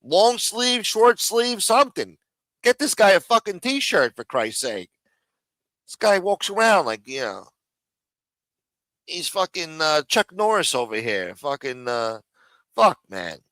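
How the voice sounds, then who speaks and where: A man's voice: high voice, very animated, slow pace, sharp tone, no room sound, rough recording. A man hosting a live stream, ranting and mocking in casual, profanity-heavy talk. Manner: profane, mocking, rambling rant.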